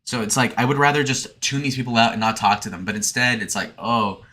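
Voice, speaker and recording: Fields: Sex: man. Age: 20s. Tone: bright, forceful. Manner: provocative. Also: mid-range voice, fast. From Michigan. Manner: provocative, sarcastic, meandering. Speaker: streamer. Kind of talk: casual rambling monologue.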